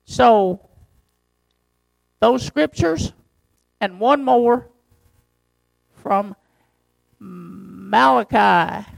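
A man pastor preaching a sermon, reading scripture slowly and driving his points home with emphasis. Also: high voice, creaky, dry recording, low-quality recording.

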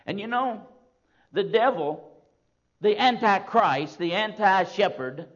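Pastor, male, emphatic sermon delivery with drawn-out stresses; slightly high voice on a muffled recording. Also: lively intonation. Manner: emphatic, repetitive preaching with slow stresses. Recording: dull lo-fi sound.

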